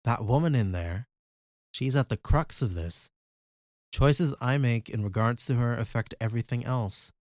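A man's voice: mid-range voice, a little slow, a little mellow, no room sound, studio quality, close to an everyday voice. A man voicing an earnest armored male hero who presses a therapist for time, in an audiobook. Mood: urgent.

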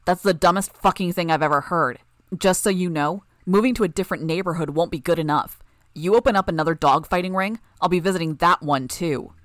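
A woman's voice: lowish voice, a little fast, no echo, studio quality, natural voice. A woman narrator voicing a blunt, hostile young woman villain who spits out her words. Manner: spitting, blunt, profane.

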